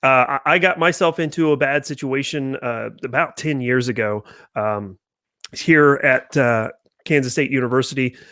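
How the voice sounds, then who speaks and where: Relaxed young man, dry close sound. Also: mid-range voice, moderate pace, dry recording. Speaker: podcast host. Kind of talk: casual interview chat.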